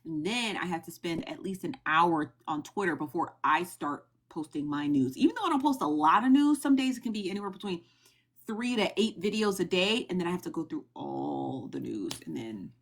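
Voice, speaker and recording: A young woman on a phone livestream, casually recapping online gossip in a chatty, animated way and asking her viewers questions. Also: fairly low pitch, normal speed, creaky. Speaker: TikTok live streamer sharing gossip news.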